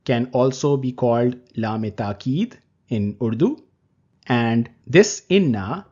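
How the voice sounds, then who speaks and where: Guy teaching arabic grammar, slow and careful, lively pitch, kinda dull lo-fi sound. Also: husky. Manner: slow, deliberate explanation with Arabic terms. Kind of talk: recorded lecture. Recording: dull lo-fi recording.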